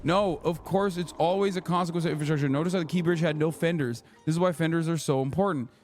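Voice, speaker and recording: Higher-voiced man ranting on a stream. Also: quick pace, darkish tone, soft background music. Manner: profane, emphatic ranting. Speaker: livestreamer. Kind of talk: livestream political commentary.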